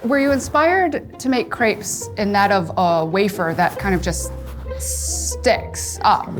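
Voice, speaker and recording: A woman's voice: mid-range voice, sing-song, slow, soft background music. A woman judging baked desserts with dry, blunt critiques and playful asides. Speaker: guest judge. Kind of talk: comedic food critique.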